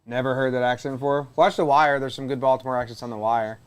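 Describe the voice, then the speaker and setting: A man's voice: medium pitch, fairly even intonation, fast, clear, resonant tone. A man co-hosting a baseball podcast, chatting loosely and joking while watching a game. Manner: joking, loose, swears casually. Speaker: podcast co-host. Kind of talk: casual chat watching a game.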